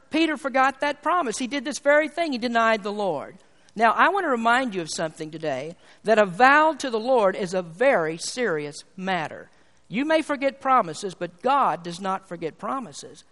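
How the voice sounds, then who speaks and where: A man preaching a sermon, emphatic and repetitive, building phrases to a rising pitch. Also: expressive, moderate pace, bright, forceful tone. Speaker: pastor. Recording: long reverb of a large hall.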